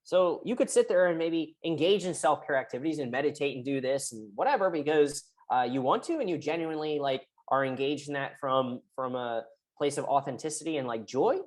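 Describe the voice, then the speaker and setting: A woman's voice: low voice, expressive, fairly quick, a little mellow. A woman physical therapist explaining recovery in a conversational way, often checking in with "right?". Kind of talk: direct-to-camera health talk.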